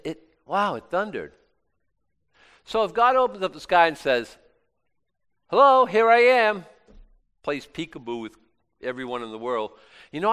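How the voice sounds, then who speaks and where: Male preacher, lively swinging pitch, bright tone, loud bursts then hushed asides. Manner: animated, swings from loud exclamations to quiet asides; repeats words and restarts, conversational. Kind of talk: sermon.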